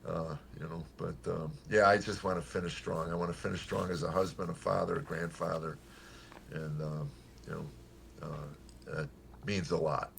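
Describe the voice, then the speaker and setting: A comedian in his seventies telling stories in a radio interview, lively when quoting people and quiet and earnest on serious points. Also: normal speed, gravelly, a little hiss or hum. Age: 70s. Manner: animated storyteller, jumps high for quoted voices. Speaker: comedian guest.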